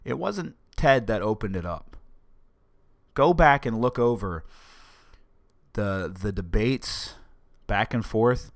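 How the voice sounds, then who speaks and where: A man with a lowish voice tells a story in a casual, joking way, punching up the quotes with big leaps in pitch. The sound is close and dry, with no room around it. He keeps a wry tone throughout. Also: animated, takes it slowly, pauses often, no room sound. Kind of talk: casual storytelling and political commentary.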